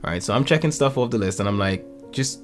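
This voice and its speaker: A man chats casually and tells stories, acting out each quoted line. His pitch swings widely as he goes, and faint music plays underneath. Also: fast talker. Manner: animated storyteller, acts out quotes. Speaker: podcast guest. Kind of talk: casual chat.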